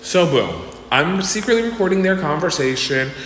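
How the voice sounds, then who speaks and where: A man with a voice on the high side, speaking at a normal speed, gives a dramatic storytime in casual commentary, animatedly acting out the people he quotes. The room is echoey and reverberant, with faint noise.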